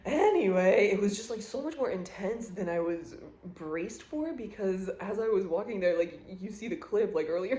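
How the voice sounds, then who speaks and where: A woman's voice: medium pitch, very animated, moderate pace, mellow, echoey room. A woman in her thirties telling a personal story to camera in a chatty, emotional way, full of "like". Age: 30s. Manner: chatty, emotional, heavy use of "like". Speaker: vlogger.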